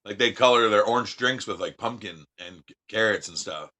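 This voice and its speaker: A man from the United States, a podcast guest telling profane, animated anecdotes in casual chat. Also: fairly low pitch, a little fast.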